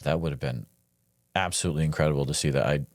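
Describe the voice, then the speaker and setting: A man hosting a podcast, asking methodical, detailed questions and giving soft acknowledgements between them. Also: extremely low pitch, racing, no echo, studio quality. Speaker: podcast host, interviewer. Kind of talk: calm interview questioning.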